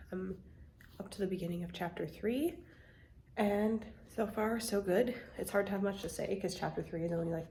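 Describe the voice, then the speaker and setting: A woman's voice: medium pitch, roomy sound, slight background noise, low-quality recording. A young woman book vlogger chatting casually at home, rambling with lots of "like" and "kinda". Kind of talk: casual reading vlog chat. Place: at home, indoors.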